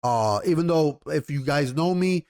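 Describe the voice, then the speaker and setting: A man's voice: on the high side, lively intonation, normal speed, darkish tone. A man hosting a commentary video, ranting heatedly with lots of swearing and rambling restarts. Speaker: YouTube commentary host.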